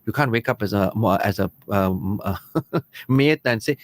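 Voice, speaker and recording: A man's voice: lowish voice, normal speed, no room sound. A man giving earnest, conversational marriage advice as a counselor on a radio programme in a studio. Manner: earnest and conversational, acts out quoted spouses.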